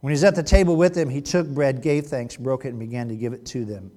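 A male pastor preaching a sermon, reading scripture aloud and acting out its people in animated bursts. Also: medium pitch, quick pace, in a large hall.

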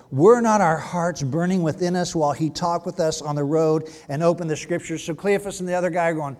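A male pastor delivers a sermon in a large hall, reading scripture aloud and acting out its characters in animated bursts. His voice sits a little high.

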